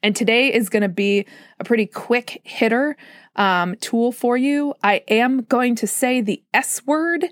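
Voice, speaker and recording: A woman with a voice on the high side hosts a solo mental health podcast, speaking a little slowly in a chatty, self-deprecating way and laughing often. She has a slightly sore throat, and the sound is clean studio quality with no echo.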